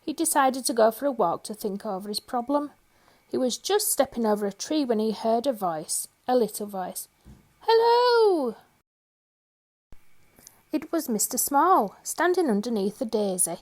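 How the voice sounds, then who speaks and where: A woman storyteller reading a children's picture book aloud, gentle and expressive. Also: a little high, moderate pace.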